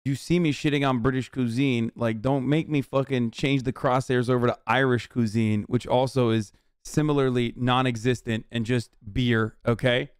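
A man's voice: mid-range voice, normal speed, few pauses, clean tone, no echo, studio quality. A man casually reacting to a cooking show on a live stream, swearing and rambling with lots of fillers. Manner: profane, animated, rambling with many fillers.

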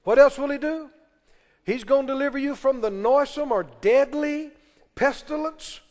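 A pastor preaching a sermon in a church, emphatic and pressing the congregation with questions and call-and-response. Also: male voice, very high-pitched, normal speed, a little mellow. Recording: long reverb of a large hall.

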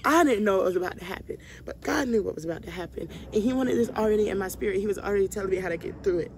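A woman's voice: mid-range voice, very fast, background noise. Emphatic young woman preaching to camera. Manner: emphatic and heartfelt, repeating lines for stress; addresses viewers directly as y'all. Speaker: Christian vlogger leading a Bible study. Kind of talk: casual preaching to viewers.

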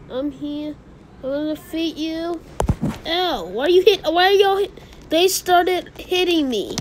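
A woman voicing an excitable Peashooter plant who plays a fighting game, with a squealy, bouncy voice over loud music. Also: sits high, slight background noise. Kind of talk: gaming commentary in character.

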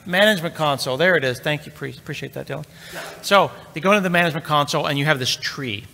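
A man's voice: a little high, fast, gravelly, pushed and bright. A middle-aged man giving a live conference tech talk, telling a story in a chatty, joking way and speaking straight to the crowd. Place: large conference hall. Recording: long reverb of a large hall.

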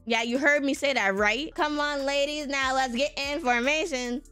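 A young woman, a gaming YouTuber, chatting candidly and excitably while she plays and reads a story game aloud, with slangy asides. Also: high-pitched, moderate pace, soft background music.

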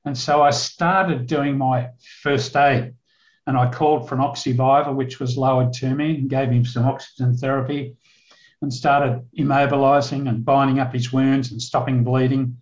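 A man's voice: mid-range voice, little pitch movement, moderate pace. Older man, sermon storytelling, roomy church echo, muffled. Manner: vivid storytelling, acts out dialogue in his telling. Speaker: guest preacher, retired police officer. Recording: echoey, dull church recording.

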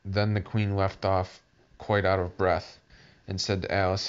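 A man narrating a storybook aloud, halting with frequent restarts. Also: sits low, flat delivery, clean tone. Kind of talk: audiobook reading. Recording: dull lo-fi recording.

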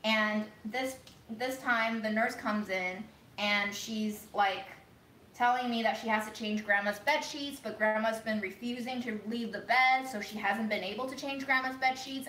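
A woman's voice: mid-range voice, normal speed, bright, forceful tone. A woman telling a story in a casual vlog, frank and profane as she vents, recorded a little away from the mic in an echoey room. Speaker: vlogger. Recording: echoey room, voice a bit far from mic, faint background noise.

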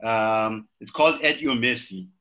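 A man's voice: lowish voice, measured pace, bright, forceful tone, rough recording. A man with a South African accent co-hosting a webinar over a video call, chatting casually and encouraging the speakers. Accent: South African English. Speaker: webinar co-host. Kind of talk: casual online chat.

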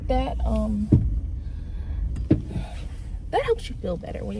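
A woman's voice: mid-range voice, huge pitch swings, a little slow, long pauses, rough recording. A young woman, venting exasperated rants to her vlog camera from her car. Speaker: vlogger.

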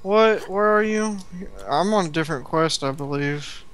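Slightly high-voiced man chatting over game. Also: moderate pace, a bit bright, smooth. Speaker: gaming co-host. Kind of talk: casual let's-play commentary. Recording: noisy game-capture audio.

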